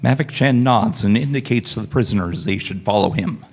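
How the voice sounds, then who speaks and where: Husky-voiced male narrator. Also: fairly low pitch, a little fast, a little mellow. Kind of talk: reading stage directions in a live radio play.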